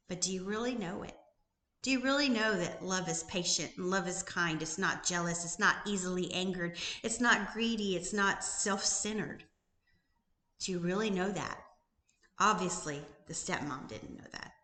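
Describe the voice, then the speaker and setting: Animated woman coach in an echoey room. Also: on the low side. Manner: animated, emphatic, with rhetorical questions. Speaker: life coach and YouTube host. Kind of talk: motivational talk to camera. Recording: roomy echo.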